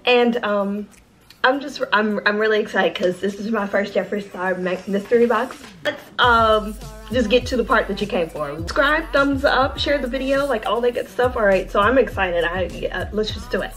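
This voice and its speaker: A bubbly, excitable woman chatting straight to her viewers while unboxing in a casual vlog, recorded indoors. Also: mid-range voice, normal speed, faint music behind. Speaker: beauty vlogger.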